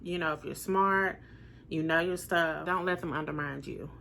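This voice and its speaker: A woman in her forties with a naturally deep voice, talking casually to camera in an earnest, emphatic way and repeating her points for weight. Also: steady tone, moderate pace, creaky, fairly bright tone, a little hiss or hum. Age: 40s. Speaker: vlogger sharing personal experiences.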